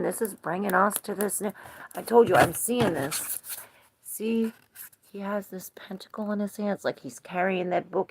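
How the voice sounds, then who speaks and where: A woman's voice: on the low side, vocal fry. A woman in her forties giving a live tarot reading in a rambling, casual way, greeting viewers as she goes. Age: 40s. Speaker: tarot reader.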